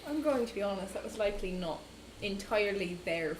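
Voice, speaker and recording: A woman co-hosting a casual stream chat, making wry, deadpan asides. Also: medium pitch, brisk, roomy sound, a loud crowd, rough recording. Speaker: co-host.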